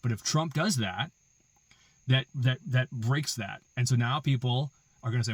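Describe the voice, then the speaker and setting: A man's voice: mid-range voice, normal speed, slightly rough, no echo. Emphatic man in a dry, close room. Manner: emphatic, repetitive, building arguments with rhetorical questions. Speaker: political commentary host. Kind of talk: opinion monologue.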